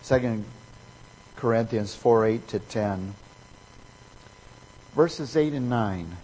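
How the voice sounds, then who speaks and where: A man's voice: medium pitch, lively intonation, slow pace, a little mellow, in a large hall, slight background noise, low-quality recording. A man preaching a sermon, emphatic and fond of repeating key phrases for effect.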